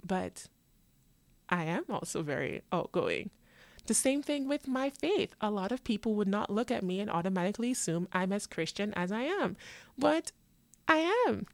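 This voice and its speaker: The host, a young woman born in New York and brought up in Jamaica, chats animatedly about her own life on a casual solo podcast, playing out others' lines with laughter. She speaks at normal speed in a mid-range voice, recorded dry.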